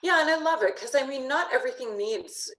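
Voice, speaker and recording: A woman's voice: high voice, animated, brisk, fairly bright tone, low-quality recording. Eager, affirming woman host. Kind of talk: conversational interview.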